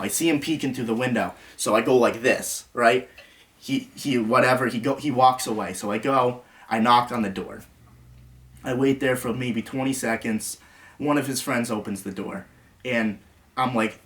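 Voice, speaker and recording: Young man, vlogger, agitated retelling, rambling, restarts, middle pitch. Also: normal speed, a bit bright, distant mic. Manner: rambling, restarts often, quotes others. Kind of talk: agitated storytelling to camera.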